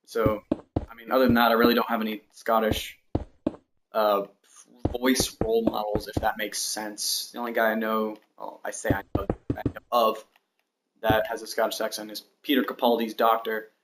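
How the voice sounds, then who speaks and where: With a lowish, monotone voice at normal speed, a man in his early twenties streams a building game, chatting and rambling between tasks. He thinks out loud and mutters block counts to himself. Background noise and clicks are clearly audible.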